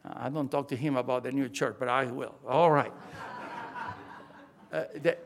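A man's voice: medium pitch, steady tone, normal speed, gravelly. An older man preaching a sermon, talking emphatically, repeating key phrases and often restarting his sentences.

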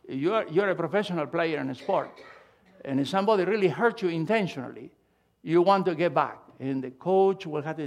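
A man preaching a sermon, emphatic and animated, swinging between loud and hushed delivery with halting restarts. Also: high-pitched. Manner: halting restarts and repeated words.

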